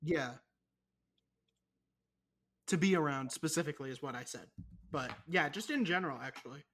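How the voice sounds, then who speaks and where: Rambling and profane, a young podcast co-host makes casual chat and pokes fun at himself a lot. He talks at normal speed in a somewhat high, slightly bright voice, over slight background noise.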